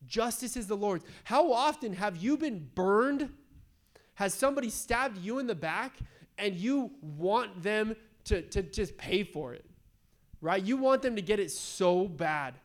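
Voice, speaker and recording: A man's voice: high-pitched, lively intonation, unhurried. A young adult man, a pastor, preaching a casual, conversational sermon to his congregation, often checking in with "right?" and acting out the voices of people in the story.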